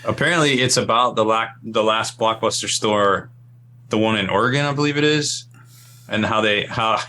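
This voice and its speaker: A man's voice: lowish voice, normal speed, bright, forceful tone, a little hiss or hum. A man co-hosting a casual podcast, talking in emphatic, insistent replies. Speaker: podcast co-host.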